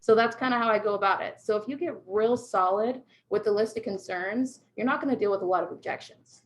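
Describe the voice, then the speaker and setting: A woman's voice: mid-range voice, a little fast. A woman from the United States coaching salespeople on a video call, emphatic and peppered with "right?". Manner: emphatic, keeps asking "right?". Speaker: sales trainer.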